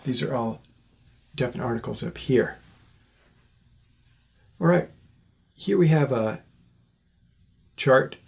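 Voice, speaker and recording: Husky-voiced man teaching a class. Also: medium pitch. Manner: patient, explanatory, checks in with "okay?". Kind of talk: recorded class lecture.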